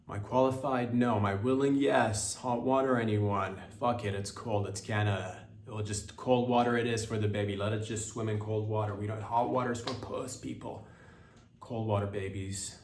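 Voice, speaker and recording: A man's voice: fairly low pitch, steady tone, brisk, a little hiss or hum. A young man hosting a podcast, telling an exaggerated, profane comic story in a rambling way. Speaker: podcast host. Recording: roomy, from a distance.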